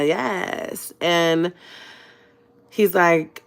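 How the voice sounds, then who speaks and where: A young woman from California, a bit sick with a cold, telling a dramatic personal story to her livestream viewers in a chatty, expressive way. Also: low-pitched, slow, gravelly. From Fresno, California. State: has a cold. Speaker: vlogger.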